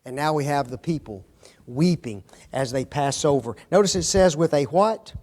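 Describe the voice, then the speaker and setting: A man's voice: on the high side, animated, normal speed, a little mellow. A man preaching an interactive Bible class, asking the room questions, repeating their answers and tagging his points with "okay?". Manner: often tags lines with "okay?" and "don't they?". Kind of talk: interactive Bible study sermon.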